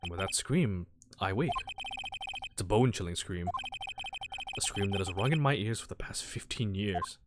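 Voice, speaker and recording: A man voicing a cold, brooding male prosecutor in a video game, speaking low and gravely. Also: lively intonation, moderate pace, pauses often, very noisy, close to an everyday voice. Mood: haunted. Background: game music.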